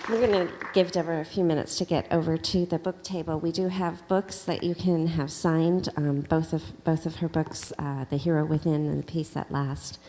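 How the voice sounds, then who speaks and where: Woman host, low voice, gracious announcements, hall reverb. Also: steady tone, normal speed, few pauses, warm tone, slight background noise. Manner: gracious, thanking the speaker. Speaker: event host.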